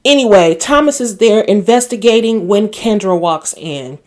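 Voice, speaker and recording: A woman's voice: medium pitch, animated, normal speed. A woman recapping a TV episode in a casual, chatty way, opinionated and exclaiming as she retells the scenes. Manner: voices quoted characters while retelling scenes. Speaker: recap vlogger.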